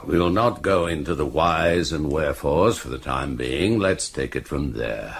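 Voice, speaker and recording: A gravelly, blustering old police chief. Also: male voice, very deep voice, expressive, a little slow, slight background noise, heavily acted. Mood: irate. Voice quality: gravelly, husky. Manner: blustering, bullying, swings to shouting. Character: blustering older male chief constable, hot-tempered. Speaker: chief constable. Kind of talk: radio drama acting.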